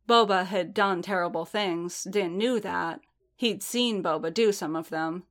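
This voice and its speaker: Slow, low-voiced woman narrating. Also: fairly bright tone. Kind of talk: fan fiction audiobook narration.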